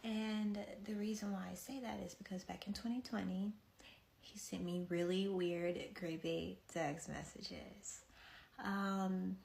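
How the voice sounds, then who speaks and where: Gravelly woman, blunt and candid. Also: medium pitch, fairly even intonation, darkish tone, slight background noise. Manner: blunt, candid, halting with fillers. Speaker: storyteller. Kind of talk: casual storytime.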